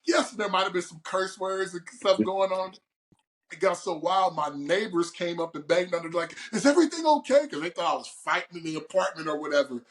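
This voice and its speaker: A man from Oakland, a guest poet, telling his story in an interview with animated, boisterous energy. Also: sits high, fairly quick. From Oakland, California. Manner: animated, storytelling, boisterous and loud when excited. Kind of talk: interview conversation.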